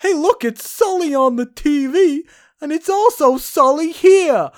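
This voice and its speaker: A man voicing excited male bar patrons in an exaggerated New York accent. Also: a little slow. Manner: shouty, high, excited.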